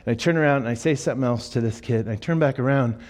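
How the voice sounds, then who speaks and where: Animated storytelling pastor, man. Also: medium pitch, rapid-fire. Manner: animated, jokey storytelling with acted-out quotes. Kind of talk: sermon with storytelling. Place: church auditorium.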